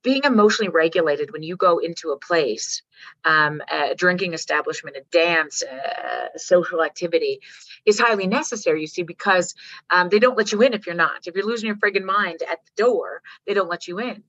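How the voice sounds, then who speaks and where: A woman from Canada gives a motivational workshop talk in a lowish but bright, forceful voice, telling animated stories with salty language. She keeps checking in with the audience. The sound is dry and a little dull. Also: fairly quick, no room sound. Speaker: workshop speaker.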